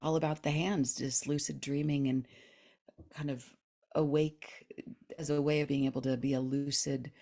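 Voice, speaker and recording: A woman with a low voice hosts a podcast in a relaxed, chatty way. She is effusive and talkative, and laughs often. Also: normal speed. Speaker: podcast host. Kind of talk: casual interview chat.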